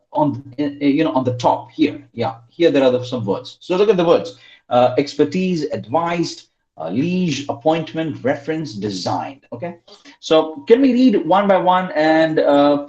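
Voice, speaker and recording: A man teaching an online class, quizzing his students by name in a lively way. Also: on the high side. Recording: roomy, dull lo-fi online call audio.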